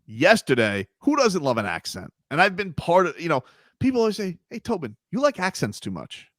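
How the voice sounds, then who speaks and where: Male sports radio host, rambling and emphatic, lively pitch, dry studio sound. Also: a little fast, no echo. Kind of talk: sports talk radio banter. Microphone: studio mic.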